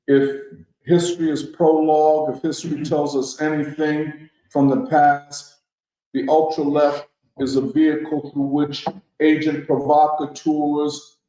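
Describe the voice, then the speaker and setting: A man with a fairly high voice leads a political discussion at an unhurried, deliberate pace. He speaks emphatically and preacherly, piling up rhetorical questions. His voice rings through a very echoey room. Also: dark tone. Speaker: discussion leader.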